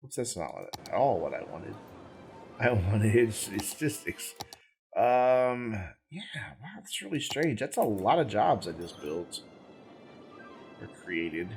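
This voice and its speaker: A man's voice: lowish voice, sing-song, slow, darkish tone, faint music behind. A man hosting a gaming channel, giving casual let's-play commentary as he plays, thinking aloud, rambling and correcting himself, with the hiccups.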